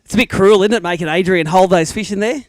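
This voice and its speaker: An Australian man emceeing a live weigh-in, talking quickly in a fairly high register. His voice comes through smooth and clear, and his banter with the anglers is energetic and matey. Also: no echo. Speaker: tournament emcee. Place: outdoors at a lakeside weigh-in.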